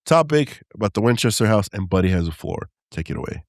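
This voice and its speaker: A man's voice: fairly low pitch, lively intonation, dry recording, studio quality. A man co-hosting a casual podcast, playful and joking as he steers the talk. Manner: playful, joking, quick to laugh. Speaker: podcast co-host.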